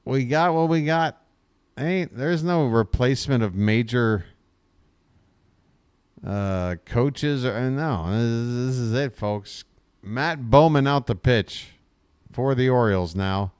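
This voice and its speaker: A man hosts live fan play-by-play of a baseball game in a folksy, joking way. His voice is smooth and clear, and he takes his time. The sound is dry and close-miked. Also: mid-range voice, slow, darkish tone, dry recording. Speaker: play-by-play host.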